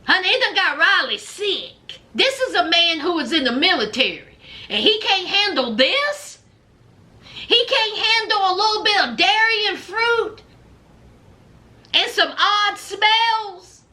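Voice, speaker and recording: A woman's voice: very high voice, sing-song, a little slow, sharp tone. A woman giving sassy, gossipy reality TV recap commentary, often saying "honey".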